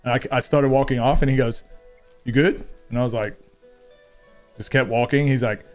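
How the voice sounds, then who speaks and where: A man's voice: mid-range voice, steady tone, brisk, a little mellow, clean tone, soft background music. A man streaming a game, chatting casually and teasing his viewers with frequent laughs. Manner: playful, teasing, laughs often. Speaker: gaming streamer.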